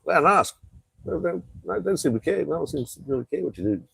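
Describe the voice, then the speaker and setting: A man's voice: a little high, big pitch swings, fast talker, creaky, a bit bright, breathy edge, no echo, poor audio. A man with an Australian accent, rambling in a laid-back way as he chats casually on a live stream from an outdoor patio. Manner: rambling, laid-back, reads out viewer comments. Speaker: vlogger.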